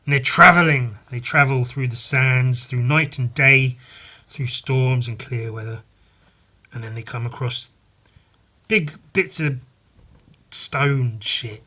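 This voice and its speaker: Male podcast host, casual and rambling; bright tone with a husky edge. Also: mid-range voice, slow, pauses often. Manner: rambling, laughing, swearing, muttering asides. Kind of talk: casual chat, reading a comic aloud.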